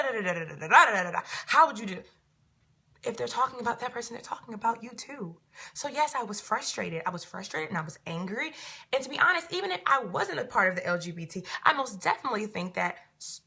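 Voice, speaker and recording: Raspy, bright-voiced woman vlogging. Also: fairly high pitch. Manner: emphatic and repetitive, filling gaps with "da da da". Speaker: reality show cast member answering viewers. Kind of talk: casual to-camera vlog.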